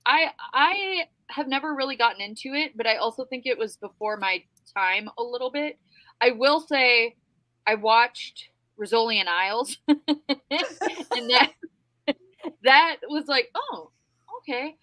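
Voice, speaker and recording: A woman's voice: a little high, expressive, a little slow, sharp tone, no room sound, poor audio. A woman hosting a casual livestream, reading viewer comments aloud and thanking viewers. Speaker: livestream host.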